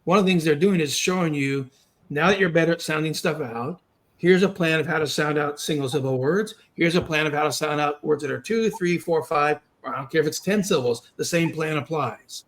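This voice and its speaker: A man hosting a podcast, explaining reading steps in a quick, encouraging, coaching way. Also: fairly high pitch, a bit bright. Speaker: podcast host and reading instructor. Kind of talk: conversational coaching.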